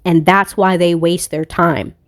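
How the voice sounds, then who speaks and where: A woman's voice: lowish voice, fairly even intonation, measured pace, no echo, studio quality. A woman tarot reader talking in a casual spiritual monologue, rambling and swearing freely, often laughing at herself.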